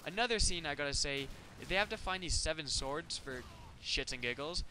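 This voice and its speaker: A man giving casual commentary over his gameplay, talking in an animated, ranting, incredulous way. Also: fairly high pitch, normal speed, noisy background.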